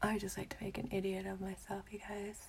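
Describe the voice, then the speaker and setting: A young adult woman hosting a casual makeup tutorial, bubbly and chatty, sometimes dropping into a soft whisper. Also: mid-range voice, monotone, fast talker, vocal fry, a little hiss or hum.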